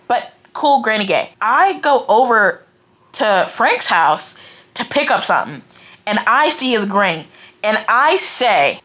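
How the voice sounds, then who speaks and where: A young woman with a voice on the high side reviews a book in a casual, animated reaction. She rants in exasperation, filling her talk with "like" and "right?"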